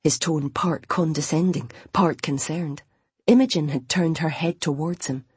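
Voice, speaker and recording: A woman reading a novel aloud in an expressive way, voicing its characters. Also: sits low, measured pace, husky, no echo. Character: Imogen, determined young blind woman wanting a baby. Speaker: audiobook narrator. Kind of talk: scripted novel narration with character voices.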